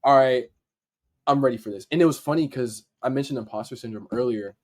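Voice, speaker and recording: A man, a podcast guest, telling a story in casual slang and acting out his own excited reactions. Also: medium pitch, a little fast. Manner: animated, acts out his own reactions in quotes; casual slang, frequent "like" fillers. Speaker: podcast guest, dancer and video editor.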